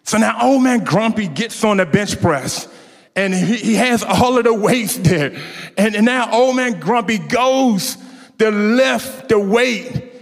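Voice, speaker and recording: A man preaching a sermon, telling a lively story to his congregation and calling out to them, with many stammering restarts. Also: high voice, slow. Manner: animated storytelling, calls out to the congregation. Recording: long reverb of a large hall.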